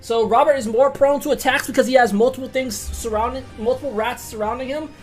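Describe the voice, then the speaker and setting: Excitable high-voiced woman game master. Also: soft background music. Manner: excitable, swearing, quick swings of loudness. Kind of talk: narrating a tabletop game.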